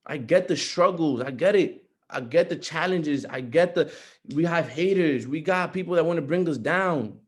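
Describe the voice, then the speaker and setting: On a group call, a young man with a higher voice delivers a motivational message at moderate speed. He's earnest, goes over his points again and again, and becomes increasingly emphatic.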